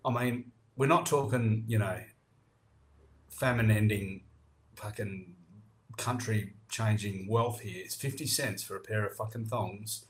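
Aussie guy ranting and swearing a lot, kinda low voice, casual podcast chat. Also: measured pace. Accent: Australian. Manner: profane, ranting.

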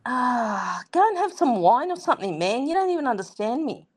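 Australian woman, sydney, comedy co-host, lively swooping pitch, exasperated, swears freely. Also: moderate pace. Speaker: podcast co-host. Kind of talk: casual comedic banter.

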